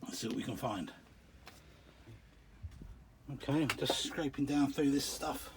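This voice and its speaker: Filming on a handheld camera from inside a dug-out pit outdoors, a man digs an old shelter and chats about it at an unhurried pace in a mid-range voice. He's short of breath from bending, his vlog talk full of muttered asides that trail away. The background is noisy.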